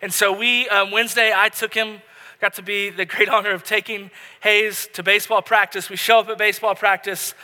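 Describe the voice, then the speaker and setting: A male pastor in his thirties delivers a sermon in a loose, conversational storytelling style, often restarting his sentences. His voice is high and very bright. The recording carries a long hall reverb. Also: little pitch movement, fairly quick.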